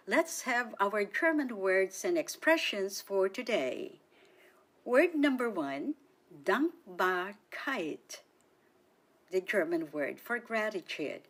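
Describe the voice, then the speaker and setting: Slow, lively woman teaching words. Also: medium pitch. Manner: cheerful, sing-song teaching delivery with drawn-out repetitions. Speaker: language teacher on church radio. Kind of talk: slow, clearly enunciated language lesson.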